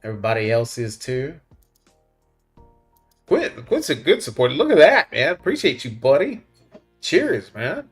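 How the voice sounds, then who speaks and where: A man's voice: medium pitch, wildly swooping pitch, unhurried, pauses often, slightly rough, faint music behind. A man, hosting a casual livestream, reading the chat in a laid-back way, chuckling often and calling people "man" and "buddy". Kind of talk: casual live-stream chat.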